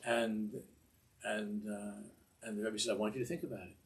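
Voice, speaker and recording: Older man, lowish voice, Torah class lecture, repeats words, slips into Hebrew phrases. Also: steady tone, quick pace. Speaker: Torah teacher.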